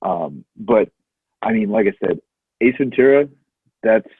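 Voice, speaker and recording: A man talking casually on a movie podcast, easygoing and nostalgic, with plenty of fillers. His voice sits low and husky, and it comes through a narrow, phone-like line that is dry and close. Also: measured pace, no room sound. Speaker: podcast co-host.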